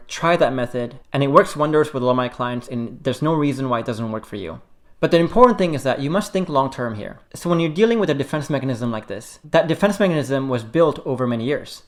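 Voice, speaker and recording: A man working as a relationship coach, giving calm, steady advice straight to the camera and repeating key points gently. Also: medium pitch. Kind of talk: direct-to-camera advice talk.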